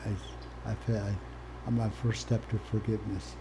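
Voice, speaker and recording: An older man from Canada, a former First Nations chief, telling his life story as an interview guest in a candid, plain-spoken way that swings from quiet to animated. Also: lowish voice, moderate pace, creaky, noisy background.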